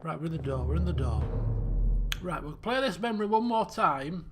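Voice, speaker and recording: A man's voice: fairly high pitch, expressive, fairly quick, music in the background. A man giving casual live-stream commentary while playing a game, chatting and thinking aloud as he works through puzzles.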